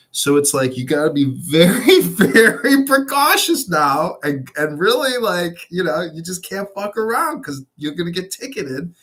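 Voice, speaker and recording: A man's voice: medium pitch, a bit bright, slightly rough. Laughing, profane male storyteller. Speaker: podcast co-host. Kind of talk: casual storytelling chat.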